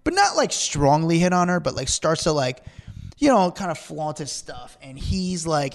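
A man co-hosting a podcast, telling rambling, animated stories in casual chat and acting out what people said. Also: on the high side, brisk. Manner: rambling, animated, acts out quotes. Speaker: podcast co-host.

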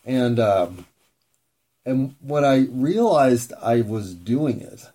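A man in a slow, unhurried reflective monologue, mid-pitched and unremarkable in tone. He rambles and pauses, swears freely and pokes fun at himself as he thinks out loud. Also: very animated. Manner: rambling, pausing, frequent swearing; self-mocking, candid.

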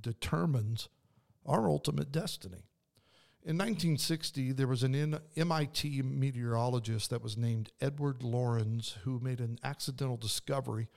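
A man hosts a devotional faith podcast, preaching earnestly and conversationally and frequently restarting his sentences. His mid-range voice carries vocal fry and is a little mellow.

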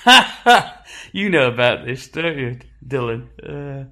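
A man in his sixties with a Sheffield accent, telling stories in a casual chat with lively acted-out quotes and frequent restarts. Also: mid-range voice, slow. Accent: Sheffield English. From England. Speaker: musician guest.

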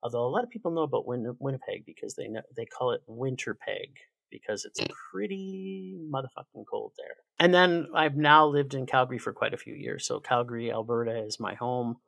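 A man's voice: medium pitch, brisk, vocal fry, few pauses, fairly bright tone, no echo. A Canadian man talking as a podcast guest in a chatty, sarcastic, laughing way. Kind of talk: casual chat.

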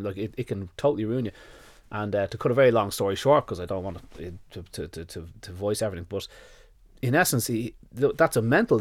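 A man being interviewed on a podcast as a dog nutrition expert, telling a story with lots of quoted back-and-forth and casual swearing. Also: fairly low pitch. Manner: swears freely, retells events in quoted dialogue.

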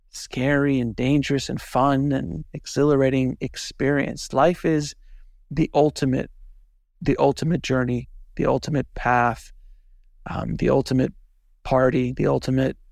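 Acting out the people he quotes, a man who is a podcast host and filmmaker tells lively stories as a guest in a casual interview. He has a gravelly, mid-range voice, recorded in studio quality without echo.

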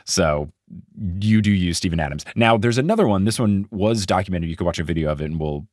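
Male podcast co-host, deep voice, dry close mic, casual chat, laughs a lot. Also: fairly quick, dry recording. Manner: laughs often, animated storytelling.

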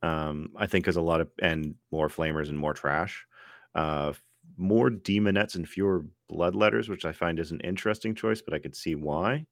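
Very low-voiced man hosting, dry close sound, casual and filler-heavy. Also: normal speed, no room sound. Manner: steers the talk, filler-heavy. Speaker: podcast host. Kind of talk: casual chat.

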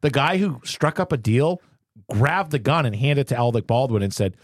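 A man's voice: mid-range voice, normal speed, no room sound, studio quality. A man hosting a casual podcast from a cluttered home office. He rants in frustration and fires off rhetorical questions. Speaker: podcast host. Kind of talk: casual opinionated chat.

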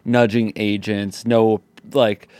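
A man's voice: fairly low pitch, level tone, slow pace, darkish tone, clear, resonant tone, dry recording. A man co-hosting a comedy podcast in casual chat, wry and teasing, thinking aloud and restarting his sentences. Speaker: podcast co-host.

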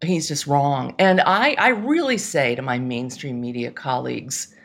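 Emphatic low-voiced woman, lively delivery. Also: creaky. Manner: emphatic, exasperated, quick asides. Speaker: guest, political commentator. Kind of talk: casual political podcast chat.

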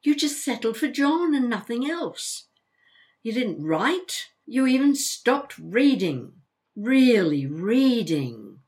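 Brief: actress as older mum, chatty and blunt, tripping over words, lively intonation. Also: female voice, on the high side, slow, heavily acted. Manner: animated, stumbling over words when flustered. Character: chatty older mother, outspoken, quick to apologize. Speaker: mother. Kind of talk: audio drama dialogue.

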